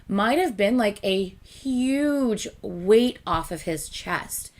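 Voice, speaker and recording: A woman talks through her reaction to a song in a casual, unscripted way. Her pitch sits right in the middle, and she speaks earnestly, often stopping and restarting her sentences as she searches for words. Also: animated, darkish tone. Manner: earnest and emotional, halting with many restarts and fillers. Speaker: reaction video host.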